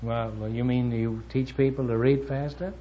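A man hosting a quiz show, teasing contestants with quick mock-serious one-liners. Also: mid-range voice, fairly even intonation. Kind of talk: wisecracking quiz show banter. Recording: dull lo-fi archival broadcast with hiss.

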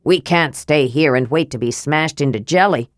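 A woman's voice: low-pitched, normal speed, no room sound, clean studio sound, voice pushed down, lightly acted. A woman reading an audiobook voices a grim, serious male knight who speaks matter-of-factly.

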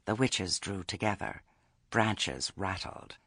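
A man with a voice that sits low narrates an audiobook, telling the scripted story in a measured, expressive way. The recording is dry and of studio quality.

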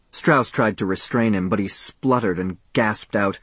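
A man narrating a first-person audiobook in an expressive, measured way. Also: on the low side, breathy edge, dry recording.

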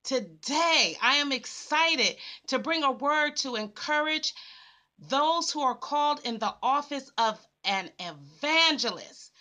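A woman delivers a sermon in a high, bright voice. She speaks slowly, calling out to her listener with fervent, repeated direct address. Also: expressive. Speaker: evangelist preacher.

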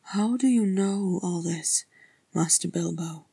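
A woman voicing a calm, gentle elf lady with soft, measured speech in a storybook reading. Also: on the low side, gravelly, breathy edge, no room sound, full character voice.

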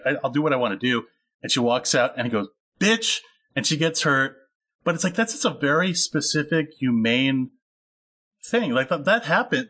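A man in a casual film podcast, mid-pitched and steady, who rambles through thoughts with plenty of fillers and false starts. He talks in an earnest, personal way. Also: breathy edge. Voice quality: rambling with many fillers and restarts. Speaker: podcast co-host discussing a film. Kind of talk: casual chat.

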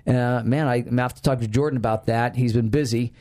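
A man's voice: medium pitch, fast. A man hosting a podcast in casual chat, telling stories and acting out quoted dialogue. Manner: animated storyteller who acts out quoted dialogue. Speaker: podcast host.

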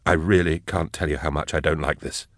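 A man's voice: a bass voice, steady tone, brisk, fairly bright tone, dry recording, studio quality. A man voicing a frightened, disoriented young man asking frantic, breathless questions. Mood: uneasy.

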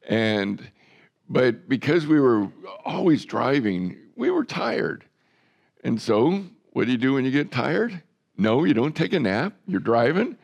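A man's voice: medium pitch, creaky. A man preaching a sermon as a pastor, in a conversational, folksy way with self-deprecating humor.

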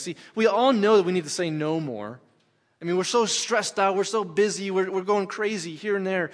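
A middle-aged man, a pastor, delivers a sermon in a fairly high voice, talking as if in conversation with the congregation. He drives his points home by repeating key phrases. His voice rings out with a long reverb, as in a large sanctuary. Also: a little fast.

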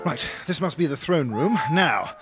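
A man's voice: on the high side, animated, measured pace, loud music behind the voice. A man playing a smug, scheming Victorian aristocrat who leads the plot in a comedy sketch. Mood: brisk.

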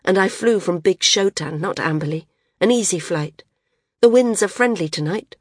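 A woman's voice: lowish voice, animated, moderate pace, breathy edge, no echo, clean studio sound. A woman reading a devoted woman flyer. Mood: calm. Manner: coaxing, impassioned dialogue reading.

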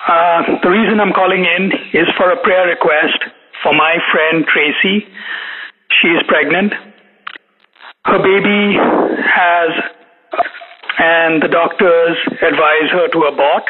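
Slow-talking man on a phone line. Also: on the high side, fairly even intonation. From Calgary, Canada. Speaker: caller. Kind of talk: phoned-in prayer request. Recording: tinny phone line with faint noise.

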